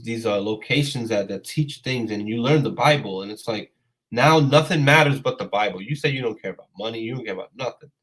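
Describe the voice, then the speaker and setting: A man's voice: mid-range voice, low-quality recording. Exasperated, profane man on a livestream. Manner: profane, exasperated, calls out commenters. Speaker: livestream host. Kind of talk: casual livestream rant.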